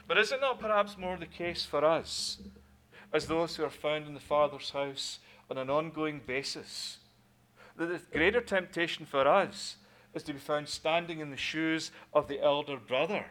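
Man, preacher, sermon, earnest, high voice, halting repeats. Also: fairly bright tone.

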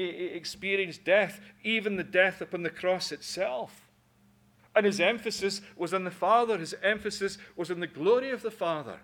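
A man's voice: high voice, a bit bright. A man preaching a sermon in an earnest way, often repeating words as he builds a point.

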